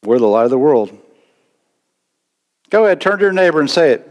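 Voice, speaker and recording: Male preacher, higher voice, animated sermon, long church reverb. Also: fairly quick. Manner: animated preaching with sudden loud outbursts. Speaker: pastor. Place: church sanctuary.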